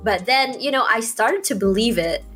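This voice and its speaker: A woman shoutcaster from Malaysia, speaking with an American-sounding accent and a naturally high-pitched voice, chatting casually as a podcast guest with lots of "you know" and "like" fillers. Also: normal speed, soft background music. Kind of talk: casual podcast chat, giving advice.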